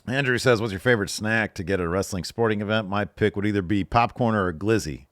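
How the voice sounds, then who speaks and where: A man's voice: lowish voice, expressive, fairly quick, few pauses, fairly bright tone, dry recording, clean studio sound. A man in his thirties hosting a podcast, reading viewer questions aloud and answering them in a loose, joking way. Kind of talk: casual solo Q&A chat.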